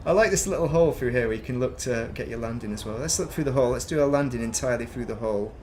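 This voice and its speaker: A man's voice: medium pitch, rapid-fire, darkish tone, slight background noise. A middle-aged man from England, chatting casually and rambling while streaming a space game, self-mocking and chatty. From northern England.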